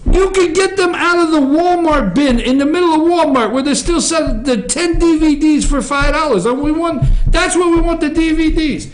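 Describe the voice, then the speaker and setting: A man's voice: very high-pitched, normal speed, hardly any pauses. A man hosting an opinionated news talk show from an office, rambling and sarcastic, with asides to his crew. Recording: echoey room.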